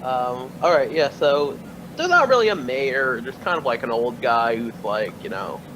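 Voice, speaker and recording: A man narrating as game master in an online tabletop game, relaxed and hesitant with fillers. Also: mid-range voice, normal speed, noisy background.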